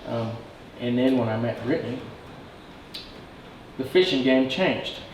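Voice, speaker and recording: A man giving a best man's wedding toast, joking between halting pauses and fighting back tears. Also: mid-range voice. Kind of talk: emotional wedding speech. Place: wedding reception room. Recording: very echoey room, distant mic, noisy.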